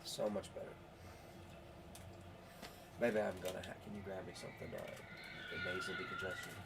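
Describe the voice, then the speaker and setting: A man's voice: sits low, level tone, moderate pace, creaky, very noisy. A man hosting a casual live-stream podcast with a stuffed-up nose, talking frankly with his viewers and getting riled easily. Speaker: livestream podcast host.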